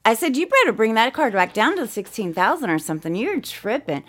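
A middle-aged woman with a fairly high voice that leaps all over the place as she tells her story. She is blunt and profane, and she acts out every person in it with loud, swinging voices. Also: sing-song, a little fast. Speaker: podcast co-host. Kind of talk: animated storytelling chat.

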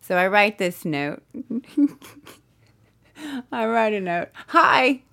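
A middle-aged mother with a medium-pitched, creaky voice and a clean tone tells a story slowly on a casual podcast. She acts out lots of quotes with animation and swears often.

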